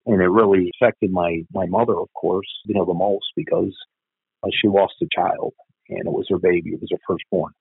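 Low-pitched and steady, the man talks a little fast with vocal fry and a breathy edge; the audio is narrow and tinny with no echo. A middle-aged cop, he tells the story of a family tragedy in a candid interview, blunt and profane, circling back over the same points as he remembers.

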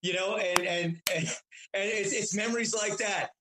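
High-voiced rambling man telling stories. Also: fairly even intonation, moderate pace, noisy background. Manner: rambling, many restarts and repeated words. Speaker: guest. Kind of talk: casual storytelling.

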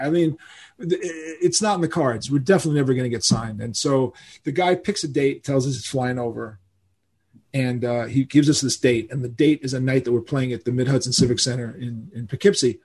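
An older man from New York, a rock musician telling stories in a casual interview, animated and acting out the voices of people he quotes. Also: medium pitch, brisk, husky. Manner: animated storyteller who acts out quoted voices.

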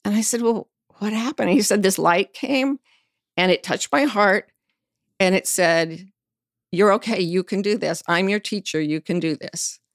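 A woman's voice: mid-range voice, moderate pace, no room sound, clean studio sound. A middle-aged woman, an interview guest, telling personal stories candidly and frankly, now and then swearing. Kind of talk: personal storytelling in conversation.

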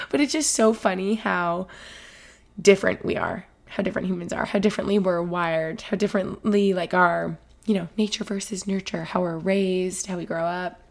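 A woman's voice: on the low side, lively intonation, moderate pace, vocal fry. A woman in her twenties hosting a casual solo podcast, rambling and emotional, with lots of "like". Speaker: podcast host.

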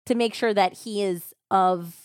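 A woman hosting a true crime podcast, retelling a case in a casual, animated way with lots of "like" fillers. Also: mid-range voice, measured pace, clean tone, no room sound, clean studio sound. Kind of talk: casual storytelling chat.

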